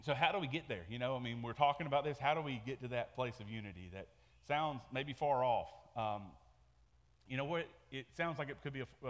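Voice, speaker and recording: A man's voice: mid-range voice, big-room sound. A man preaching a sermon to his church in a casual, conversational way, often repeating words and restarting sentences. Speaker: pastor. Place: church sanctuary.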